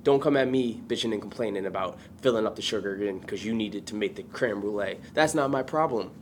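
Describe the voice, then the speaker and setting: A man's voice: lowish voice, fast, slight background noise. A man in casual chat, opinionated and explaining things in a matter-of-fact way.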